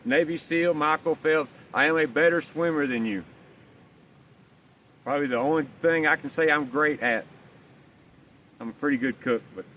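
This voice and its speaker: Male vlogger, casual rambling yarn told outdoors, slightly raised pitch, recorded from a distance. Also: normal speed, pauses often, highs cut off. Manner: rambling, folksy, swears casually. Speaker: vlogger telling a story. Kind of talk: casual storytelling. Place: outdoors, walking with a dog. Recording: distant mic, faint outdoor noise.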